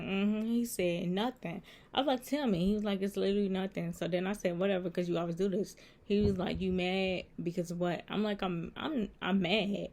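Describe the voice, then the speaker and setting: A woman's voice: fairly low pitch, a little mellow. A woman vlogging a casual storytime at home. She retells a text-message exchange line by line, switching back and forth between what he said and what she said. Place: indoors at home, with a laptop nearby.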